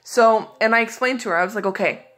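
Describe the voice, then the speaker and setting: A woman's voice: fairly high pitch, quick pace, a bit bright, faint music behind. Exasperated woman telling a story. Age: adult. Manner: frustrated, exasperated retelling of phone calls. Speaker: vlogger. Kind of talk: casual storytelling to camera.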